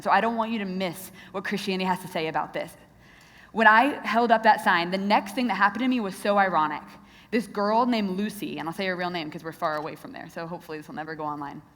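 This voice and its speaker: Earnest young woman speaking in a hall. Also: medium pitch. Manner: earnest, direct, asks the crowd questions. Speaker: Christian speaker. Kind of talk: youth talk to a live audience. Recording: long reverb of a large hall.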